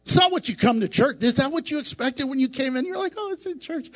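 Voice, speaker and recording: High-pitched male pastor, animated sermon with acted-out scenes, dull lo-fi church recording. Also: fast talker. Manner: emphatic and repetitive, asks the congregation questions, laughs at his own jokes.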